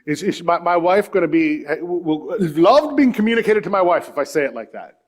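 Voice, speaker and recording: A middle-aged man preaching a sermon in church, telling stories earnestly and swinging between hushed, quiet moments and emphatic points. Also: sits high, animated, moderate pace. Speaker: pastor.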